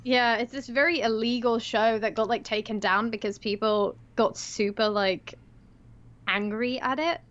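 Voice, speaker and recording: A woman's voice: a little high, steady tone, measured pace, a bit bright. Rambling young woman, muffled call audio. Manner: rambling, filler-heavy, giggly. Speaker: co-host. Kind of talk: casual livestream chat.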